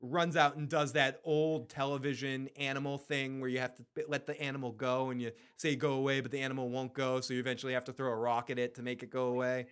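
A man casually recapping a TV episode, with animated, profane storytelling. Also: mid-range voice, fast, hardly any pauses, smooth. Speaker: podcast co-host.

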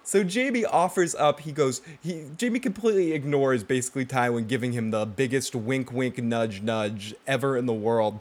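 A man's voice: mid-range voice, moderate pace, hardly any pauses. Casual male podcast co-host retelling scenes. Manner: animated retelling, acts out characters' lines. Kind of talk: casual recap discussion.

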